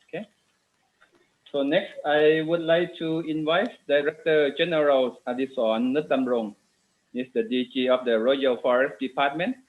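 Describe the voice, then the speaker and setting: A man's voice: a little high, steady tone, measured pace. A man moderating a forum, introducing speakers with frequent fillers. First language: Thai. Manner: hesitant, many fillers. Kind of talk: moderating a panel. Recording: tinny phone-like line.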